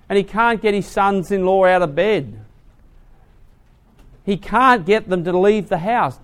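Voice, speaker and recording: Male preacher, sermon, dramatic storytelling, slightly high voice. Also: animated, normal speed. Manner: dramatic storytelling, swinging from hushed to loud.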